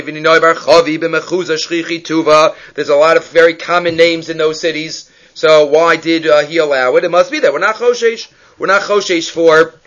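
A man leads a text-study lecture with a bright, forceful tone and a slightly high pitch. He keeps checking in with the listener, asking "right?", and he acts out the people in the stories he tells. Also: muffled recording. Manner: lively, questions the listener with frequent "right?". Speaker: Talmud teacher.

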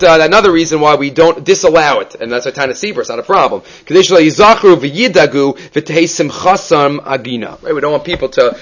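A man leads a daily Talmud class in a lively, questioning manner. His voice sits a little high for a man. He often mixes Hebrew terms into his talk. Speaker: Talmud teacher.

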